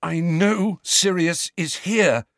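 A man's voice: sits high, slow pace, fairly bright tone, dry recording, studio quality, pitched above the performer's own voice, heavily acted. A man doing a tense, defiant teenage boy. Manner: urgent, defiant.

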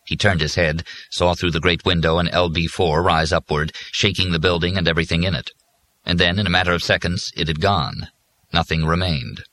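A man narrating an audiobook in an even, measured storytelling manner. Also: sits low, slight background noise. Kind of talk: scripted narration.

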